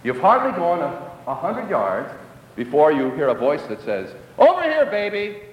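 A man's voice: very animated, moderate pace, highs cut off. Dramatic preacher man in an echoey hall. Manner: dramatic, drops to hushed lows for emphasis. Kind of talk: sermon storytelling.

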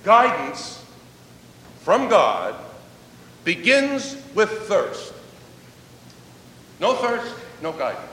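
A male pastor delivering a sermon with animated preaching, slowing down to stress key words. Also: recorded from a distance. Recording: echoey hall, faint rumble.

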